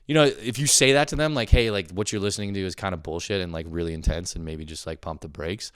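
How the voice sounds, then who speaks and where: A man's voice: brisk, few pauses, clean tone, dry recording. Profane ranting young man. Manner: profane, irritable, self-mocking; swings between loud outbursts and low mutters. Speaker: podcast host. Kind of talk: comedic ranting monologue.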